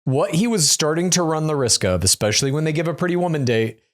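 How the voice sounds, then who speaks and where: A man's voice: fairly high pitch, animated, fast. Man co-hosting a chatty recap. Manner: joking, quotes cast members in silly voices. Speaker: podcast co-host. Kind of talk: casual recap chat.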